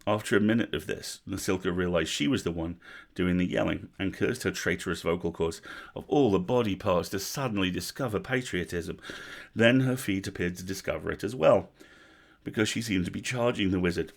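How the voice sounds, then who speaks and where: Low gravelly man reading a story. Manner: measured, wry asides. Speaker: story reader. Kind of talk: audiobook-style story reading on a livestream.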